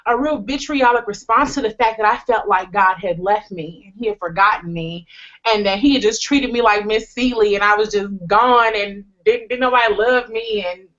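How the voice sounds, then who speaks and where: A woman's voice: medium pitch, moderate pace, a bit bright. Brief: young woman host, earnest and candid, slangy humor, slightly muffled recording. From United States. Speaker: host sharing a personal testimony. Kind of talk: candid conversational testimony.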